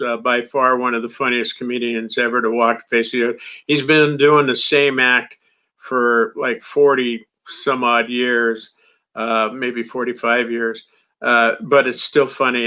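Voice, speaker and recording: A man's voice: mid-range voice, little pitch movement, normal speed, bright, forceful tone. Male comedian chatting, dull lo-fi sound. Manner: rambling, lots of fillers. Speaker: comedian guest. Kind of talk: casual interview chat. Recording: dull lo-fi audio.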